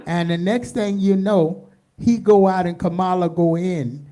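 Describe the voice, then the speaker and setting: A woman hosting a call-in radio show, chatting casually in a folksy, drawn-out way. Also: on the low side, fairly even intonation, warm tone.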